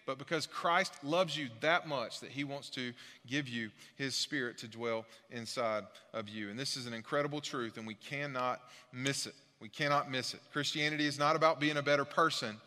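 A man's voice: a little high, pushed and bright, long reverb tail. A male pastor preaching a sermon in a church, earnest and emphatic, repeating his key points. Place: church sanctuary.

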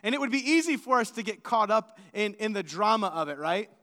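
Man, pastor, sermon, high voice, lively storytelling, long church reverb. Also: brisk. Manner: storytelling, animated with acted-out quotes.

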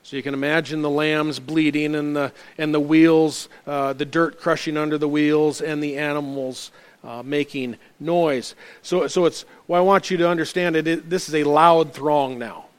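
Male preacher with a high voice, earnest and halting. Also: steady tone, clear, resonant tone. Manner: earnest preaching with frequent restarts and fillers. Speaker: pastor. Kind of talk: sermon.

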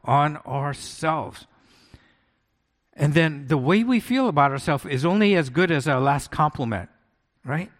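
A man's voice: fairly high pitch, lively intonation, a little slow, pauses often. A male pastor giving a sermon in a conversational way, often asking his listeners rhetorical questions. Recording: long hall echo.

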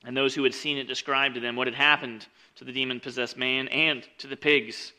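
Male preacher, mid-pitched, very bright timbre, informal scripture talk with loud and quiet swings. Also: fairly even intonation, fairly quick. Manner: conversational, with frequent "like" and "right?" asides; swings between loud emphatic reading and quiet lowered asides. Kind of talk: casual sermon, reading and explaining scripture.

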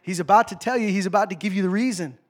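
A man from North America preaching a sermon, with impassioned swings from hushed asides to shouted commands and low mocking voices for quoted complaints. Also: fast talker. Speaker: pastor.

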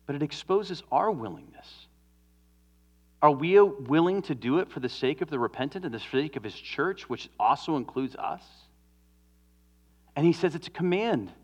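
A man's voice: a little high, animated, normal speed. Earnest preacher man with a muffled sound. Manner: earnest, swings from emphatic to hushed. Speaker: pastor. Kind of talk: sermon.

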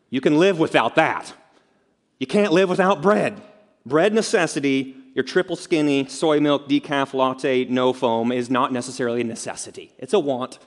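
A man delivers a sermon in an easy, conversational way, tossing in asides and questions to the congregation. His voice sits at an ordinary middle pitch. The sound carries a long reverb, as in a big sanctuary. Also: normal speed. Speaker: pastor. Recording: long reverb of a large hall.

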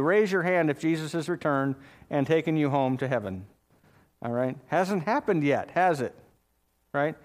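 A man preaching a sermon as pastor, emphatic and calling out for amens from his congregation. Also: a little high. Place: church.

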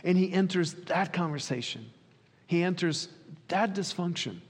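A man's voice: high-pitched, animated, normal speed, slightly rough. A man preaching a sermon in an earnest, questioning way, sometimes acting out quoted dialogue. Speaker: pastor. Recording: long reverb of a hall.

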